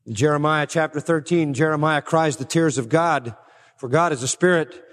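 Guy preaching, high voice, leans hard on words then sinks low, big hall echo. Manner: emphatic, swings between raised stresses and low, slow drops. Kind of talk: sermon. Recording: long reverb of a large hall.

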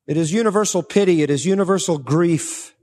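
Male preacher, high-pitched, emphatic sermon delivery, long hall reverb. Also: a little mellow. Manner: emphatic, swings between raised stresses and low, slow drops.

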